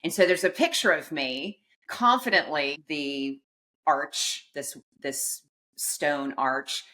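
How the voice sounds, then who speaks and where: A middle-aged woman, a podcast guest, tells a personal story in an animated way, acting out quotes and laughing at herself. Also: sits low, slow pace.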